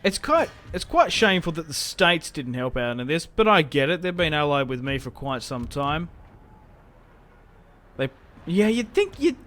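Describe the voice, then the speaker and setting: A man's voice: fairly high pitch, lively intonation, moderate pace, fairly bright tone. A young man giving casual, joking commentary over his own strategy game, often trailing off and restarting. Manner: chatty, joking, self-interrupting. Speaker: gaming channel host.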